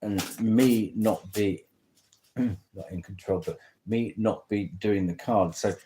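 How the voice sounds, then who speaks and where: A man's voice: fairly low pitch, slow, warm tone, slight background noise, rough recording. A man chatting casually through a tarot reading, rambling and interrupting himself often. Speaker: tarot reader.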